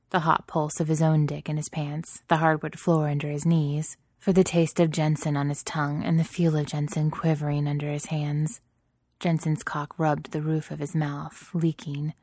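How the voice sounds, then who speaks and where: Low, soft-spoken woman reading aloud. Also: no room sound, studio quality. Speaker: narrator. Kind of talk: reading erotic fiction aloud.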